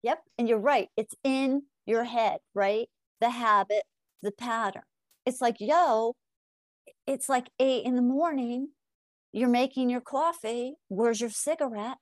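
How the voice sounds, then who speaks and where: A middle-aged woman speaking as a hypnotist guest in a podcast interview. She tells animated stories, acts out both sides of conversations and keeps asking "right?". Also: on the high side, unhurried, no room sound. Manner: animated storyteller acting out dialogue, frequent "right?".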